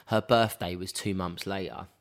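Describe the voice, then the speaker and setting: A man chatting casually as a guest, telling stories in an animated way and laughing often. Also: low voice, moderate pace. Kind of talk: casual chat.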